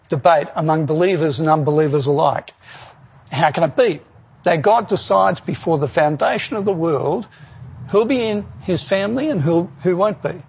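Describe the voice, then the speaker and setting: A man's voice: on the high side, gravelly, husky, muffled recording. A man preaching a sermon in an earnest way, often asking the listeners rhetorical questions.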